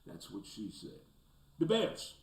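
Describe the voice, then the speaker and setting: On a laid-back sports talk show, a male host breaks down the weekend's games at a slow pace, his pitch swinging wildly as he climbs into loud rants and sinks into low mutters. The recording has a roomy echo and faint background noise.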